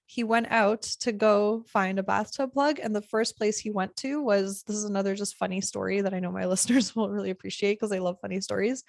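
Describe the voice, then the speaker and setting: Gravelly-voiced woman hosting a podcast. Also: mid-range voice, dry recording, clean studio sound. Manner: animated, acts out quoted lines with laughter. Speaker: podcast host. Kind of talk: casual storytelling chat.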